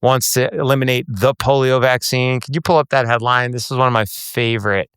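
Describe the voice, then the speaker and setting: Wry middle-aged male host, smooth voice. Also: mid-range voice, steady tone, brisk, fairly bright tone, dry recording, studio quality. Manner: conversational, wry. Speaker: podcast host. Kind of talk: casual interview chat.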